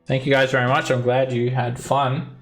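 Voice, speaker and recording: A man narrating a tabletop game as game master, relaxed and chatty, laughing often. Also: mid-range voice, normal speed, soft background music.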